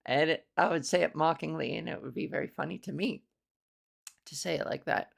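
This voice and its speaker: A woman's voice: low-pitched, brisk, creaky. A woman comedian hosting her own podcast alone, talking in a playful, silly, rambling way and savoring mock-grand words. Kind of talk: casual solo podcast monologue.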